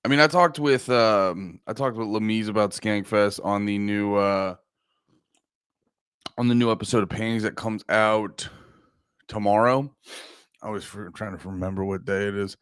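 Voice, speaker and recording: A man's voice: fairly low pitch, steady tone, moderate pace, a bit bright, smooth, no echo. Male podcast host, groggy, rambling and profane, reads chat aloud, dry close sound. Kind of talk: casual livestream chat.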